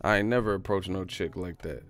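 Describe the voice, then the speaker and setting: A man's voice: low-pitched, a little fast, a bit bright. A man chatting casually on a live stream, joking loosely with profane slang and frequent laughs. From United States.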